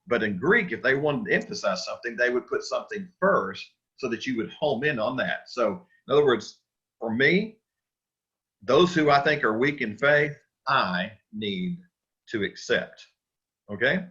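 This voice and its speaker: A man's voice: medium pitch, expressive, normal speed, pushed and bright, dull audio. A man teaching a church Sunday school class, talking casually with restarts and questions to the group. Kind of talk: Bible study lesson.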